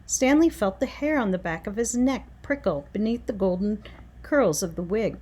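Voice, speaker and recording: A woman reading a children's chapter book aloud, expressive and dramatic. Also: medium pitch, moderate pace, husky. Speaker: reader. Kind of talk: storybook read-aloud.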